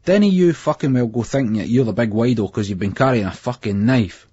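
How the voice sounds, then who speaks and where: A man reading the part of a hostile teenage boy with a husky voice. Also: medium pitch, lively intonation, brisk, warm tone, no echo, muffled recording. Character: young male tough, bitter teenage schemie.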